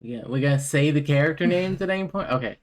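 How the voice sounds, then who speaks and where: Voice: medium pitch, expressive, fast. A co-host of a live stream chatting casually, joking and often laughing. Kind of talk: casual chat.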